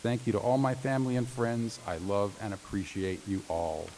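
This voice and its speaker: A man's voice: lowish voice, flat delivery, normal speed. A man reading graduates' tributes aloud at a commencement ceremony, formal but with playful joking asides. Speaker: commencement announcer. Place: large commencement hall. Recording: reverberant hall with faint hiss.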